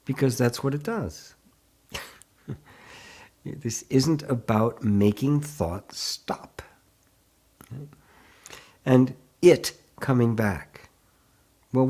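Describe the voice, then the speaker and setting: A man with a husky, slightly breathy voice at an ordinary pitch for a man leads a live online satsang. He speaks gently and unhurriedly, often breaking into soft laughter between thoughts. Now and then he stops to read out and answer comments from viewers. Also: slow pace, long pauses. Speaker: spiritual teacher.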